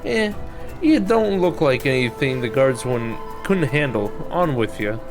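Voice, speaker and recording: A man voicing a gruff, suspicious male guard who talks brusquely and insults strangers. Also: mid-range voice, animated, measured pace, music in the background.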